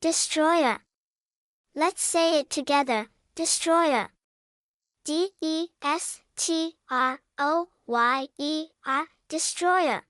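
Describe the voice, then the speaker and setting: A woman narrating a scripted vocabulary lesson for young children, spelling words out slowly and adding playful sound words. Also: high-pitched, no echo, clean studio sound. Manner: slow, even spelling-out with cheerful sound words. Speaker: vocabulary teacher.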